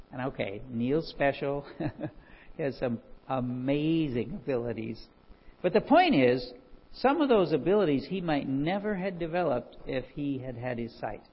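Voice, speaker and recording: A man's voice: a little high, slightly rough, in a large hall, dull audio. A man preaching a sermon, reading scripture aloud and telling stories with frequent chuckles. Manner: animated storyteller, chuckles often. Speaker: pastor.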